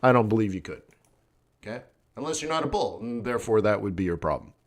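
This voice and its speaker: Blunt, tired forex trading teacher. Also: male voice, on the low side, sing-song, fast talker. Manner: blunt, sardonic, thinking aloud over charts. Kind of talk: live-streamed trading lesson.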